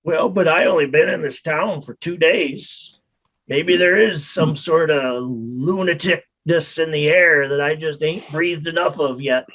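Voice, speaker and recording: A man's voice: fairly high pitch, unhurried, fairly bright tone, dull audio. A man voicing Boone, a folksy newcomer who talks in a country drawl with loose grammar, in a tabletop role-play game. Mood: wry.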